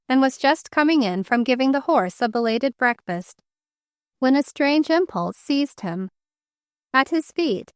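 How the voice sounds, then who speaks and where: Woman audiobook narrator, high smooth voice, measured reading, dry close studio sound. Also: no echo. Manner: measured, even storytelling. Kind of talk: scripted narration.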